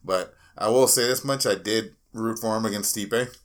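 A man's voice: on the low side, normal speed. A man co-hosting a fight podcast in profane casual chat, joking and swearing in a laid-back way. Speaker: podcast co-host.

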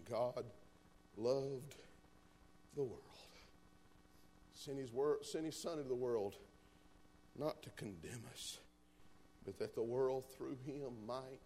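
A man preaching a sermon, moving between calm storytelling and loud, fervent climaxes. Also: medium pitch, takes it slowly, pauses often, a little hiss or hum.

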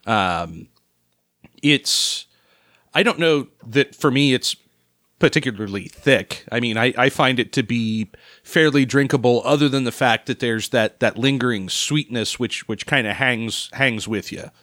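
A man co-hosting a casual beer tasting podcast, correcting the others in a dry, deadpan way. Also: mid-range voice, a little slow, dry recording. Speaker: podcast co-host.

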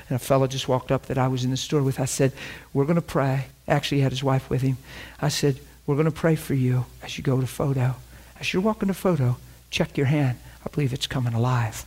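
A man's voice: medium pitch, steady tone, fast talker, few pauses, a little mellow. A man preaching a sermon, telling stories and acting out both sides of the conversations. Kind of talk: sermon with acted-out anecdotes.

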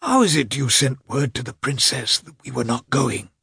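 A man reading aloud, voicing a sickly, irritable male artist in a hoarse whisper. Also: mid-range voice, animated, moderate pace, no room sound, clean studio sound, pitched above the performer's own voice. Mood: angry whispering.

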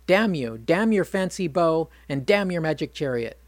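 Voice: medium pitch, animated, normal speed, no room sound, close to an everyday voice. A narrator reading a whining, ranting king. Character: bitter, self-pitying old male king.

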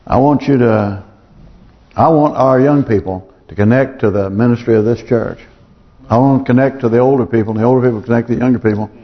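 A man preaching as pastor in a church, earnest and pleading, repeating phrases for emphasis. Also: mid-range voice. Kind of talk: sermon. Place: church sanctuary. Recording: dull sound with long hall reverb.

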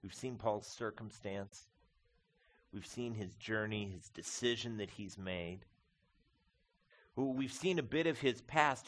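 A middle-aged male pastor preaching a conversational sermon, calling the congregation "folks" and swinging between quiet reflection and loud emphasis. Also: mid-range voice. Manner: conversational, addresses listeners as folks.

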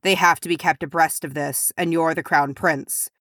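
A woman's voice: sits low, unhurried, fairly bright tone, dry recording, clean studio sound. A woman voicing a stern male dwarf lord who talks bluntly and harshly.

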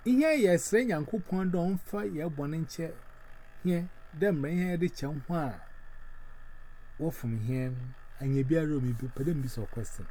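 A man's voice: on the high side, animated, unhurried, warm tone, rough recording. A man hosting a devotional, leading a prayer and giving solemn encouragement, switching between English and Twi. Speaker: devotional radio host.

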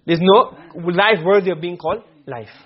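A man teaching Arabic grammar in a classroom, keeps quizzing his students with quick questions. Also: sits high, husky. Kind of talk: classroom lesson. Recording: muffled lo-fi classroom recording.

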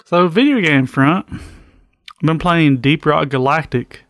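A man's voice: fairly high pitch, unhurried, a bit bright, dry recording, studio quality. A man co-hosting a casual podcast chat, talking in a blunt, profane, easygoing way. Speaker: podcast co-host.

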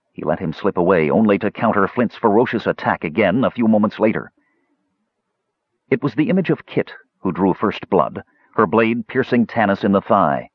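A man reading a fantasy novel aloud as an audiobook narrator, expressive and dramatic, in a slightly muffled recording. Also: deep voice, slightly rough, dry recording.

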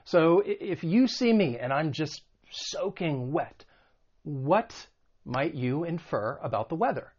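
A man's voice: fairly high pitch, very animated, slow pace, a little mellow, slightly rough. A man with a slightly raised voice teaches English vocabulary in an online video lesson. He explains each word patiently with examples. The recording is a touch muffled and dull.

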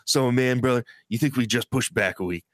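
A man's voice: mid-range voice, a little fast, a bit bright, no echo, clean studio sound, voice pushed down, lightly acted. A man doing an impression of a fellow podcaster, a drawling buddy who pleads to push a recording back and keeps calling him brother. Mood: pleading. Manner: drawling, calls everyone brother.

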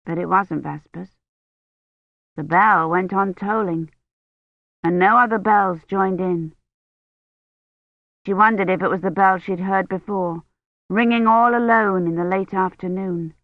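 A woman narrates a novel in a measured, even way, keeping her storytelling steady and clear. Her voice sits in a middle register. The recording is muffled and lo-fi and has a dry, close sound with no room around it. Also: medium pitch, dry recording. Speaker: audiobook narrator. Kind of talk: scripted narration. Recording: dull, lo-fi, dry.

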